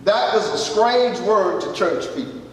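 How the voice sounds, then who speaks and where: A man's voice: high-pitched, expressive, measured pace, slight background noise. A man preaching a folksy sermon and asking his congregation questions. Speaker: pastor. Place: church hall. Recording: echoey church hall from far off.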